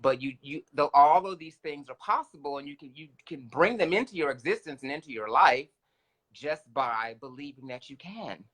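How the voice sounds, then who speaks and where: Cohost guy, higher bright voice, thoughtful spiritual chat. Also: animated, moderate pace. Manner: reflective, spiritual, conversational. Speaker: co-host. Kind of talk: casual talk show chat.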